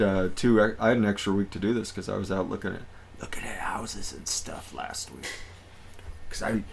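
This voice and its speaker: A man's voice: lowish voice, creaky, slight background noise. A man hosting a casual livestream, upbeat and greeting his viewers one by one. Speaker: livestream host.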